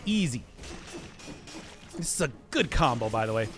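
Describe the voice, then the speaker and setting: A man's voice: mid-range voice, big pitch swings, moderate pace, fairly bright tone, soft background music. A young man streaming a video game live, giving rambling, chatty commentary and laughing often.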